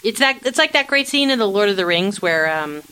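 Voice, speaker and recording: A woman's voice: medium pitch, animated, brisk, sharp tone, clean tone, low-quality recording. A woman co-hosting a casual podcast, chatting animatedly and acting out quotes from a TV episode. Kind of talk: casual chat recapping a TV episode.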